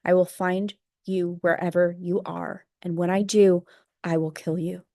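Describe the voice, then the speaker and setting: A menacing drunken father's threat, read by a woman in her own voice. The delivery is flat and cold, with little rise or fall, and it sits dry and close to the mic. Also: lowish voice, unhurried, dry recording. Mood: threatening.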